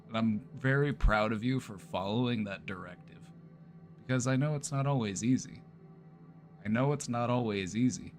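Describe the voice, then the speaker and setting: A therapist chatting casually on a livestream, playful and easygoing, often repeating his phrases and laughing. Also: on the low side. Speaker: therapist streamer.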